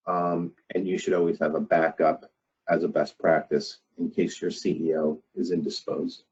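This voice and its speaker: A man presenting a webinar on crisis communication, measured and emphatic, often pausing with "um". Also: sits low, flat delivery, a little mellow, husky, lo-fi sound. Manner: measured, frequent "um" fillers, emphatic repetition.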